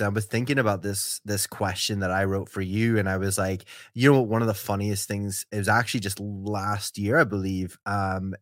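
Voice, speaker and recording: A man with a low voice hosts a casual podcast in a dry, close-sounding recording. He talks eagerly and keeps it chatty, dropping a few "um"s along the way. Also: a bit bright, no echo. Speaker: podcast host. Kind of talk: casual chat.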